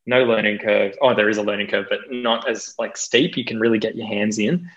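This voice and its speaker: A young Australian man chatting casually as an interview guest, self-deprecating and quick to laugh, with plenty of fillers. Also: fairly low pitch, fairly bright tone, highs cut off. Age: young adult. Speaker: guest DJ and producer.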